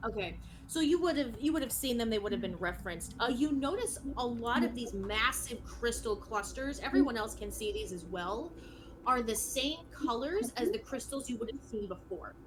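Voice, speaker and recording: A woman's voice: fairly high pitch, lively intonation, normal speed, poor audio. A woman as dungeon master, describing scenes in an easygoing way. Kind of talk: narrating a tabletop game.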